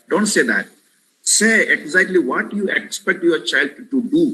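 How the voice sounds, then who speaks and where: A man's animated, somewhat high voice, bright and forceful at a normal speed, drives this earnest webinar lecture on parenting. With his Indian English accent, he preaches to "my dear friends" and repeats key words for emphasis. The rough recording from a webinar headset or computer mic has a little hiss or hum.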